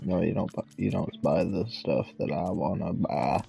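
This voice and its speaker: A man's voice: low-pitched, normal speed, creaky, dark tone. A man giving casual, offhand gameplay commentary, mumbling to himself as he plays. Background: game music.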